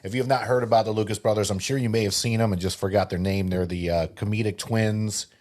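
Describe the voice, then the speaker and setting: A man's voice: lowish voice, fairly even intonation, fast, darkish tone. A man co-hosting a podcast, chatting loosely about movies, laughing often and swearing casually. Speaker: podcast co-host. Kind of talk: casual chat.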